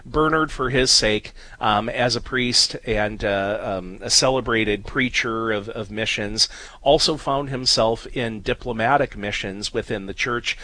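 A man's voice: mid-range voice, a little slow, pushed and bright, dry recording, rough recording. A man co-hosting a Catholic talk show, explaining things at length with frequent fillers and spelled-out names. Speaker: co-host. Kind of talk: casual radio-style chat.

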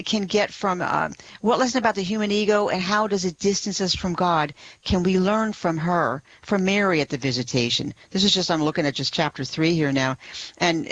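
A woman who is a guest on a radio talk show, explaining her subject with warm enthusiasm and soft laughs. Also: fairly low pitch, no echo, lo-fi sound. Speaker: radio guest, blog writer. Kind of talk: radio interview.

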